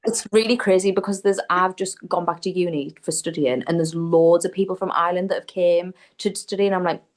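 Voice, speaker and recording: Young Geordie woman, low-pitched, chatty guest on a book podcast. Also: fairly even intonation, a little fast, darkish tone. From northern England. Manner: chatty, laughing, quotes herself in little scenes. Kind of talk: casual chat.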